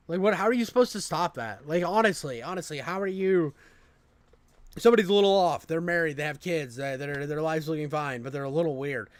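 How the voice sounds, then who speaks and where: A young man reacting out loud to a video, sounding openly incredulous and blunt, with the odd swear and disbelieving laugh. His voice sits fairly high for a man. The recording is dry and close, with no room sound. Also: brisk, no room sound. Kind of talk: casual reaction commentary.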